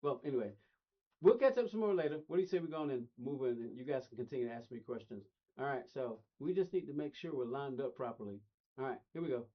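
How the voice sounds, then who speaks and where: A man's voice: medium pitch, animated, fast. A middle-aged man streaming a racing game, rambling casually and talking straight to his chat. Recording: dull lo-fi stream audio.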